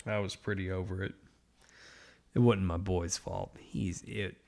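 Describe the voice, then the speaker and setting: Animated swearing man telling a story. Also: low-pitched, unhurried, creaky. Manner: animated storytelling, swears a lot, acts out quotes. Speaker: podcast co-host. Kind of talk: casual podcast chat.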